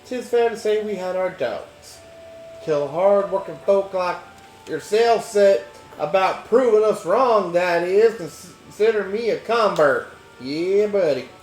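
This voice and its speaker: A man voicing a folksy, friendly male ranch wrangler in a slow Texan drawl. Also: sits high, darkish tone. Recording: echoey room, game music behind.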